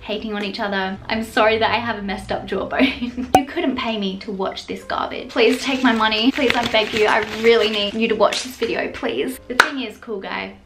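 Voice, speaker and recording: A woman's voice: a little high, steady tone, moderate pace, few pauses, music in the background. A young woman chatting casually in a home vlog, playful and sarcastic, laughing often as she reads comments aloud. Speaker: YouTuber.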